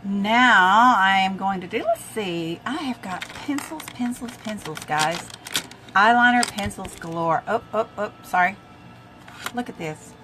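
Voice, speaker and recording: A woman's voice: medium pitch, expressive, measured pace, bright, forceful tone, faint music behind. An older woman chatting casually through a makeup tutorial, talking to her viewers as she works and now and then coughing from a tickle in her throat. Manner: chatty, talks to viewers while applying makeup. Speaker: makeup vlogger.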